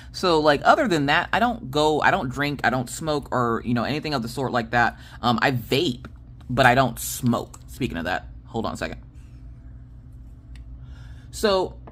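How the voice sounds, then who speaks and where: A woman in her late thirties casually telling a story, animated and punctuated with "okay?" asides, on a close mic. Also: rumbling low. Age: 30s. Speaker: crafting channel host.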